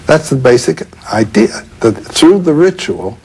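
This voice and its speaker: A man retells an old folk tale in a loose, digressive way, pausing with fillers. His voice sits at a middle pitch. Faint music plays underneath. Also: breathy edge, rough recording. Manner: relaxed, digressive, hesitant fillers. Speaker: storyteller, interview guest. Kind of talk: casual oral storytelling.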